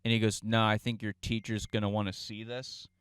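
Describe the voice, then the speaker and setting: A man's voice: fairly low pitch, little pitch movement, brisk, fairly bright tone, clean tone, dry recording, studio quality. A man in his thirties telling a comic story on a podcast, profane and rambling, with many restarts, acting out the lines he quotes. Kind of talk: casual comic anecdote.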